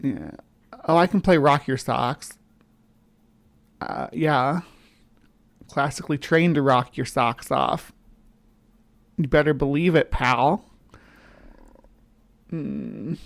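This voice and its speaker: A woman's voice: very deep voice, slow, gravelly, pauses often. A woman with a central US accent hosts a casual livestream and rambles freely, greeting viewers as they join. Her talk is chatty and loose, with the easy tone of a self-described skeptic. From central US, between the South and the upper Midwest. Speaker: livestream host.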